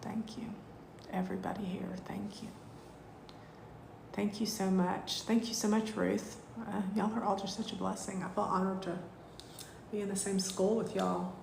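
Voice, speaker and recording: A woman, teaching a live online spiritual class in a gushing, heartfelt way with drawn-out thank-yous. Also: medium pitch, level tone, vocal fry, a little mellow, slight background noise. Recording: echoey room.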